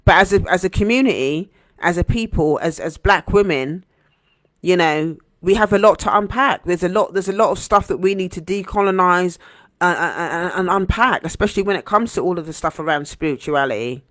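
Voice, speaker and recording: A woman hosting a heartfelt motivational live stream as a coach, earnest and gentle, repeating phrases for emphasis. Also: lowish voice, brisk, dry recording, clean studio sound. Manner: gentle, encouraging.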